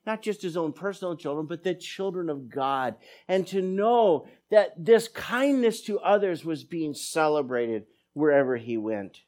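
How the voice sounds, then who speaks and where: A man's voice: a little high, unhurried, hardly any pauses. A middle-aged man preaching a sermon as pastor, telling stories with quoted dialogue. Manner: animated storytelling with quoted dialogue.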